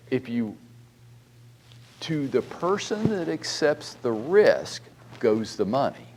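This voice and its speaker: This is a middle-aged real estate broker running a training talk in a mid-range voice, moving slowly and pausing often. He stays blunt and lively, leaning on rhetorical questions and the occasional mild swear word.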